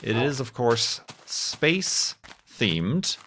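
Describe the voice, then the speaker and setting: A man's voice: medium pitch, sing-song, extremely slow, fairly bright tone, slight background noise. A man in his thirties chatting casually over gameplay, rambling and self-deprecating, laughing often between thoughts. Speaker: gaming YouTuber.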